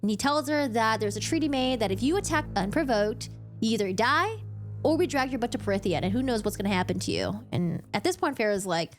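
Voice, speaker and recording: A woman recapping a fantasy novel in a chatty, animated way, interrupting herself and laughing often. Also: fairly high pitch, a little fast, soft background music. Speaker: streamer recapping a book. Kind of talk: casual book recap.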